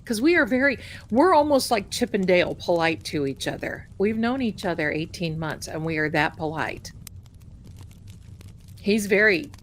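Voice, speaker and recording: A woman hosting a tarot livestream, chatting casually and telling a personal story in an animated, amused way. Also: medium pitch, moderate pace, slight background noise. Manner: chatty, animated, laughing at her own story. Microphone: desk mic at home.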